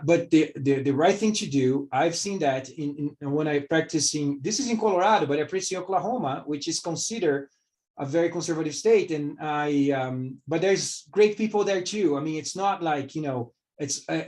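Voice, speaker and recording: A man's voice: fairly high pitch, normal speed, a little mellow. A middle-aged man from Brazil with a Brazilian Portuguese accent, a surgeon answering interview questions candidly and rambling with many fillers. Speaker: vascular surgeon.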